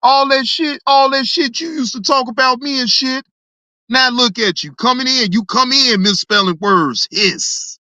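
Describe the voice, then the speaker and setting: A reaction channel host in casual commentary, laughing often, teasing chat viewers and repeating words in excited bursts. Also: sits high, unhurried, no room sound.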